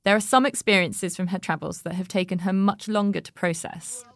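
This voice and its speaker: A woman hosting a podcast, reading scripted narration and asking interview questions in a measured, reflective way. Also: on the low side, steady tone, crowd noise. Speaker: podcast host.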